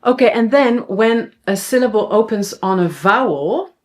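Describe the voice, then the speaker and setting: A woman with a Dutch accent teaching a language lesson, explaining clearly and slowing down to model words. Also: fairly high pitch, expressive.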